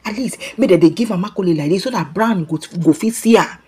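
Nigerian female gossip vlogger, husky mellow voice, lively street-talk delivery. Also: medium pitch, fast. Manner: animated, keeps calling out "my people", mixes Pidgin and English. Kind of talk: casual celebrity gossip commentary.

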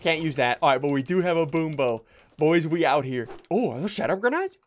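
A young man giving jokey, excitable commentary while playing a video game. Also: a little high, fairly quick. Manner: excitable, jokey, yelps and laughs mid-play. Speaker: gaming channel host. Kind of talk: live gameplay commentary.

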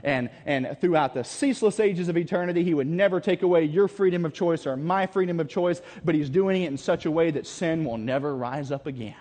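A man with a high voice preaches a camp meeting sermon and reads scripture dramatically. He keeps calling questions out to his listeners. His voice rings with the long reverb of a large hall. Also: a little fast, few pauses, a little mellow. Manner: dramatic, calls out questions to the audience.

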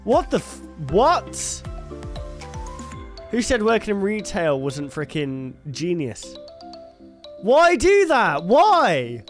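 A man's voice: sits high, wildly swooping pitch, slow pace, pauses often, soft background music. A man streaming, reacting to videos with jokes, laughter and swearing. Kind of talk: casual reaction commentary.

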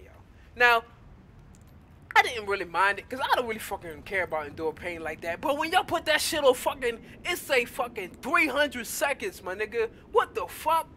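A man's voice: very high-pitched, sharp tone. A man giving an angry, profane rant about a game update, exasperated and laughing through his anger. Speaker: gamer.

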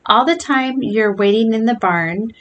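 A woman's voice: a little high, unhurried, fairly bright tone, a little hiss or hum. A woman voicing Tom, an eager young boy coaxing his friend, in a storybook read-aloud.

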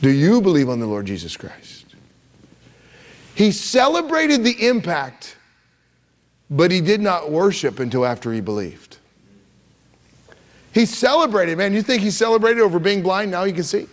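A man preaching a sermon as pastor, emphatic and repetitive, swinging from loud rises to soft drops. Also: high-pitched, big pitch swings, a little slow, pauses often. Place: church sanctuary.

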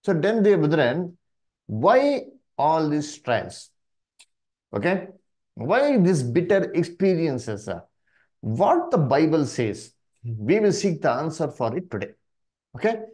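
A man with an Indian English accent teaching a Bible study in a sermon style, speaking haltingly with many fillers and calling the listeners "dear brethren". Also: a little high, sing-song, a little mellow. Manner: slow, halting delivery with many "uh" and "you see" fillers.

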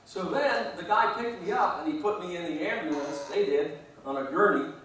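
A man's voice: sits high, lively intonation, moderate pace, fairly bright tone, a little hiss or hum. A man, a guest speaker at a meeting, telling a long rambling anecdote and chuckling at his own story. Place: meeting hall. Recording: echoey room from far off.

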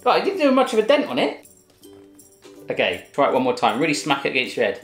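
A man's fairly high, bright voice swings hugely in pitch as he talks fairly quickly and pauses often. He's a cooking channel host running a casual, jokey taste test with his daughter, recorded with roomy echo and faint music.

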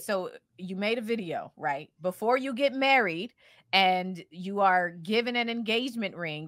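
A woman co-hosting a casual podcast who guides the talk with curious, measured questions. Her voice is bright and crisp, and it's recorded close and dry with no room sound. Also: mid-range voice, no echo. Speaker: podcast co-host asking questions.

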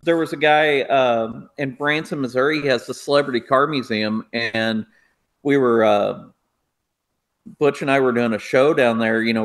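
Guy on a video call, custom car builder, chill rambling stories, lots of you know. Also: mid-range voice.

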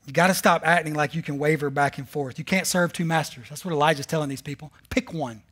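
A male pastor preaching a sermon, telling a Bible story with animated, sarcastic humor. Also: fairly high pitch, fast talker, slightly rough. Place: church service.

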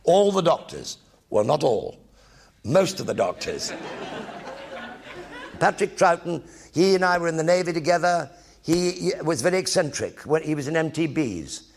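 An older man with an English accent spins showbiz anecdotes from the stage. His voice is gravelly and slightly husky. He swings his pitch widely and slips into the voices of the people he quotes. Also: unhurried, some chatter behind. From England. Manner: lively raconteur, acting out quoted colleagues. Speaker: actor telling career stories on stage.

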